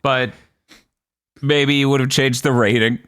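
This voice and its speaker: A man's voice: mid-range voice, steady tone, a little slow, fairly bright tone, clear, resonant tone. A man co-hosting a casual movie podcast, wry and amused, laughing often as he talks. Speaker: podcast co-host.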